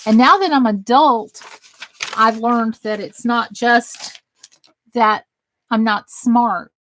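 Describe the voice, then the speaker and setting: There's slight background noise as a Southern-accented woman from the US hosts her crafting livestream. Her voice is a little high and a bit bright, her pace slow, and she reads comments aloud while chatting in a folksy, self-deprecating manner.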